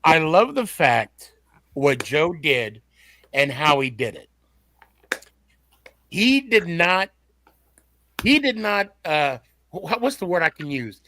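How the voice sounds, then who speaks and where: A man's voice: a little high, sing-song, slow, long pauses, bright, forceful tone, slight background noise. A man hosting a casual sports podcast, often repeating and restarting words as he builds his point.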